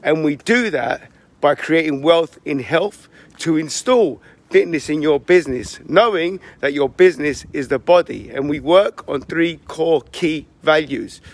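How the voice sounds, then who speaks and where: A man's voice: on the high side, lively intonation, measured pace, no echo. A man who coaches fitness and business, talking in a casual, reflective monologue with loose, restarting phrasing.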